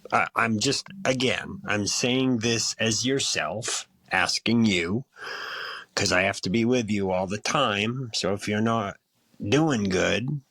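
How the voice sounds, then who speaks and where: A man voicing his own inner self calling in to his podcast, with a slow, hesitant drawl full of sighs and pauses. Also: lowish voice, vocal fry, sharp tone, no echo, voice pushed down, exaggerated voice.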